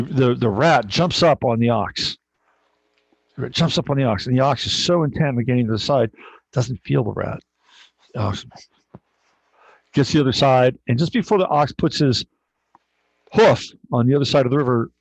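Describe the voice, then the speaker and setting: A man's voice: medium pitch, creaky, darkish tone, no room sound. A man hosting an astrology livestream, telling a story in a rambling, casual way, swearing and often correcting himself, on a dull, dry recording.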